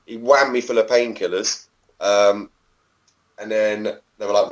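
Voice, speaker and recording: Chatty guy in his thirties, lowish voice, swears a lot and tells long stories. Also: steady tone, unhurried, rough recording. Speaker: podcast guest, former backyard wrestler. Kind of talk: casual storytelling interview.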